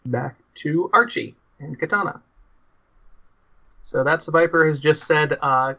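A man's voice: mid-range voice, unhurried, sharp tone, highs cut off. Man running a tabletop game. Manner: casual, laughs often. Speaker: game master.

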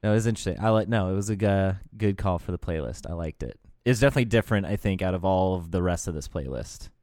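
A man's voice: low voice, quick pace, darkish tone, no room sound. A man co-hosting a music podcast in casual chat, laughing often, teasing and swearing freely. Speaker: podcast co-host. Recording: music clearly playing behind.

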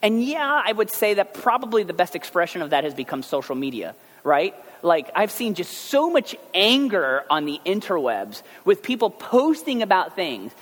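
A fairly high-voiced man preaching a conversational sermon, his pitch rising and falling all over. He tosses in joking asides and keeps it informal. The sound carries a long reverb from a big hall. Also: sing-song, normal speed, hardly any pauses, a bit bright. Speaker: pastor.

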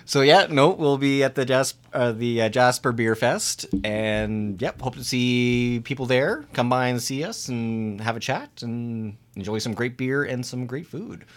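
A man co-hosting a casual podcast, chatty and quick to laugh. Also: mid-range voice. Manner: giggly, chatty. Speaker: podcast co-host. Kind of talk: casual chat.

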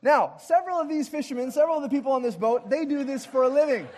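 A man's voice: very high-pitched, fast, a little mellow. A man preaching an interactive sermon, playful and joking as he gets the audience to act out the scene. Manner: jokey asides with light laughs. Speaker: pastor.

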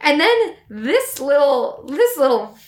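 A young woman co-hosting a podcast, chatting casually with animated, jokey remarks and casual swearing. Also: high-pitched, slow pace. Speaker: podcast co-host. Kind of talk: casual chat. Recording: roomy echo.

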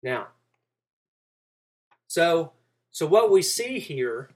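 A man preaching a sermon, walking through a passage and acting out the quoted lines with rising emphasis. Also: a little high.

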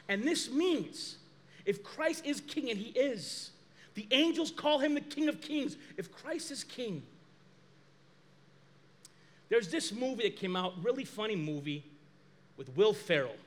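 A man preaching a sermon as pastor, lively and animated, acting out quoted dialogue. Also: very high voice, normal speed.

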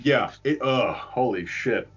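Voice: mid-range voice, lively intonation, takes it slowly, fairly bright tone, breathy edge, dull audio, soft background music. A speaker in a casual chat, rambling, swearing and laughing often.

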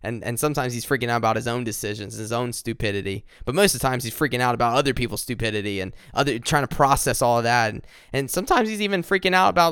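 Earnest man preaching, smooth voice. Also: mid-range voice, a bit bright, no echo, studio quality. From upstate South Carolina, US. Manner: earnest, repeats words, slows down for scripture. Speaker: devotional speaker. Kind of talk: informal devotional sermon.

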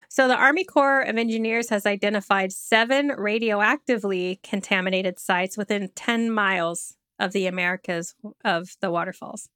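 A woman's voice: medium pitch, a bit bright, clean tone, dry recording, studio quality. A woman co-hosting a casual podcast, reading out facts and joking between them with frequent laughs. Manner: chatty, laughs often, reads facts then jokes. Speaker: podcast co-host. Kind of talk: casual chat.

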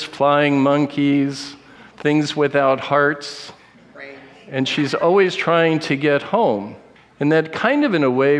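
Middle-aged male preacher running a quiz sermon, mid-pitched, playful, long hall echo. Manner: joking quiz-master, slows for read quotes.

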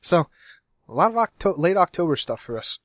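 Very animated and fairly quick, a young co-host from Cincinnati, USA, speaks in a slightly high, a bit bright voice. His casual podcast chat rambles and self-corrects, with frequent laughter, captured in a dry, studio-quality recording.

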